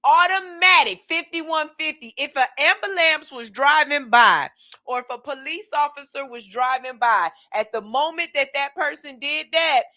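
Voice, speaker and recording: A woman's voice: high-pitched, animated, normal speed. A woman hosting a podcast, reacting to clips in casual, profane commentary and laughing often. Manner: loud, laughs often, swears freely. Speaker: podcast host.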